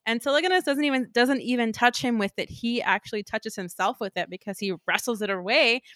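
A woman co-hosting a podcast, casually recapping a novel in animated chat. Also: fairly high pitch, fairly quick, no room sound, studio quality. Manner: animated, acts out characters in quotes.

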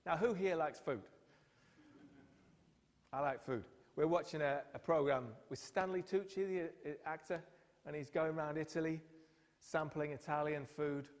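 A man's voice: on the high side, moderate pace. A man preaching a sermon, telling the story with acted-out quotes. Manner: storytelling, acts out quotes with lively voices. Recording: long hall reverb.

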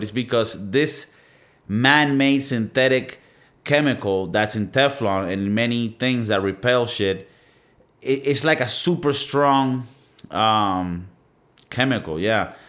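Young male podcast host, loose profane solo rant, animated delivery. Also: mid-range voice. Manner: animated, profane, rambling with playful mock-singing.

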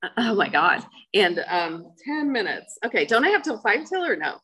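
A woman's voice: medium pitch, sing-song, normal speed, sharp tone, breathy edge, poor audio. A middle-aged woman giving a personal testimony talk, earnest and emotional, with many fillers. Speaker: speaker sharing her life story.

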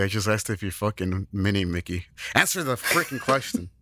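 A man co-hosting a podcast in casual chat, teasing with deadpan setups and stammered restarts. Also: lowish voice, brisk, no room sound, studio quality. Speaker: podcast co-host.

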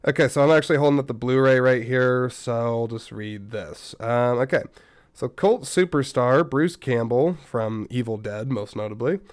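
Tired, rambling podcast host, clear dry voice. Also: male voice, mid-range voice, normal speed, dry recording. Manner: rambling, self-correcting, chatty asides. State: recovering from a stomach bug, a bit tired. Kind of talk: casual solo podcast chat.

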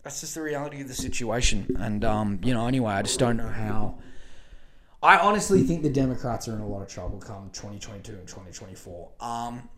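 A man's voice: lowish voice, a little fast, a crowd in the background. A man hosting a podcast, giving casual political commentary in a rambling, profane rant full of fillers and restarts. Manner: profane, rambling, animated rants with many fillers. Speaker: podcast host.

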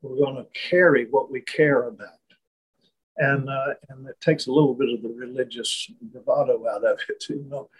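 A man speaking as a guest, telling a reflective story in conversation, halting and restarting often. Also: mid-range voice, fairly even intonation, slightly rough, highs cut off. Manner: slow, halting, many restarts and fillers.

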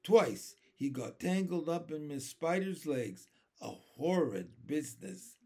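Casting: a male reader for a read-aloud storybook, unhurried and melodic. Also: a little high. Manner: expressive storytelling with small slips. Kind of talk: reading a children's book aloud.

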